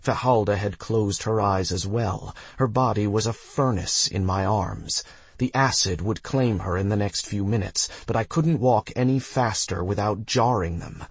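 Slow husky male narrator. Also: fairly low pitch, dry recording. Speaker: audiobook narrator. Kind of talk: scripted narration.

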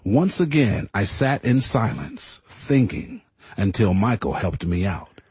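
A man's voice: fairly low pitch, very animated, takes it slowly, darkish tone, husky, dry recording. A man reading first-person audiobook narration in a reflective, earnest way.

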